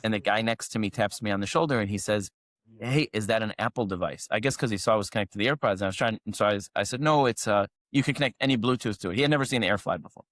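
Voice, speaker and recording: A man's voice: fairly low pitch, racing, hardly any pauses, fairly bright tone, no echo, studio quality. A man co-hosting a podcast, chatting casually and telling a rambling story full of fillers and restarts. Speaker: podcast co-host. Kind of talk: casual chat.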